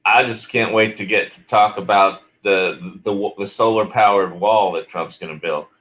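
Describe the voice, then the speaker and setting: A man's voice: on the low side, steady tone, normal speed, a bit bright, poor audio. A man chatting on an online panel in a rambling way, full of fillers. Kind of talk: casual online panel chat.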